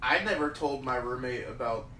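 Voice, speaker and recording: A man's voice: mid-range voice, moderate pace, sharp tone, slight background noise. Laid-back young man, roomy echo. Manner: laid-back, profane, laughs easily. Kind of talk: casual chat. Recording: roomy room, distant mic, other voices around.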